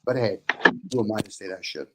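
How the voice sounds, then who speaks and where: A man's voice: fairly low pitch, lively intonation, fast talker, a little mellow, poor audio. A man hosting a casual chat, talking bluntly and profanely in long rants.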